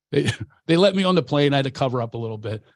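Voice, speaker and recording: A man's voice: medium pitch, no echo, studio quality. Brash storytelling comedian man. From Philadelphia. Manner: brash, self-mocking, preachy. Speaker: comedian and coach. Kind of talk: casual storytelling chat.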